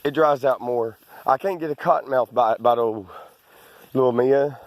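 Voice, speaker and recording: A man films himself as he walks his rural land, slightly out of breath. He speaks in a mid-pitched voice, meandering through restarts and asides. The sound is close and dry. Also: moderate pace, no room sound. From Arkansas. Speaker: landowner vlogger. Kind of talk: rambling outdoor walk-and-talk.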